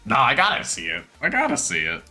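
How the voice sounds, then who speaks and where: A young man chatting on a game live stream with a very bright, forward voice. His pitch swings widely as he rambles and teases himself, laughing often, with faint music under him. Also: huge pitch swings, quick pace. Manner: chatty, self-mocking, laughs easily. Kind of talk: casual live-stream chat.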